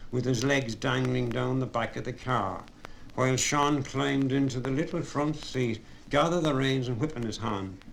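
Man narrating a story in a steady voice. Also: mid-range voice, creaky, a little hiss or hum. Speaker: audiobook narrator. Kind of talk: scripted narration.

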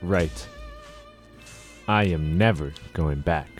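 A man's voice: low-pitched, slow pace, soft background music, voice pushed down. A man reading the part of a hardened male career criminal in an amateur script read, clipped and defiant.

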